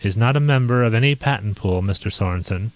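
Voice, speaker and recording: A man voicing a reserved male corporate research chief who speaks quietly and in a measured way. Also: fairly low pitch, close to an everyday voice.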